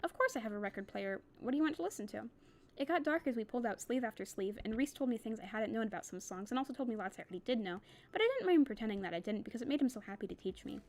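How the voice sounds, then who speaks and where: Young woman reader, slightly high voice, plain novel reading with casual asides. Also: lively intonation, racing, a little mellow. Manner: reads plainly, breaks off for chatty, laughing asides.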